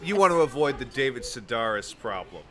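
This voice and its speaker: A man's voice: medium pitch, very animated, brisk, soft background music. A man interviewing an author, asking probing questions with a wry, list-building manner. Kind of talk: literary interview.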